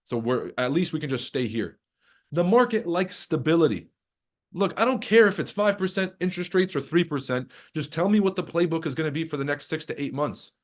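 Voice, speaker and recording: A man's voice: a little high, lively intonation, a little fast. A man hosting a live trading stream, ranting casually with heavy profanity, mocking, laughing at his own jokes, then going into market commentary. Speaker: trading livestream host.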